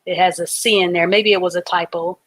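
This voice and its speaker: A woman's voice: on the low side, fairly even intonation, fairly quick, no room sound. A woman teaching a live online reading class, patiently sounding out words letter by letter and syllable by syllable.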